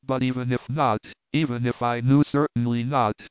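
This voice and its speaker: A man's voice: medium pitch, little pitch movement, moderate pace, clean tone, no room sound, close to an everyday voice. A relentless, vengeful wine-shop wife, firm and insistent in every word, read by a man in his own plain voice. The sound is thin and phone-like, with no room around it. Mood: resolute. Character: fierce, relentless middle-aged Frenchwoman, wine-shop keeper. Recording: tinny phone-like, dry.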